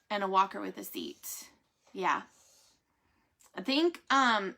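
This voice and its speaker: A woman's voice: a little high, pushed and bright. A woman, chatting candidly to her viewers, laughing often and speaking with faith. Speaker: vlogger giving a family health update. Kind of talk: casual chat to camera.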